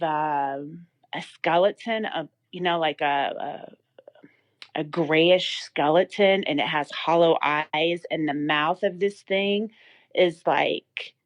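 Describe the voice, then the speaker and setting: Lower-voiced woman telling her story. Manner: vivid storytelling with many fillers and restarts. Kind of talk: personal testimony.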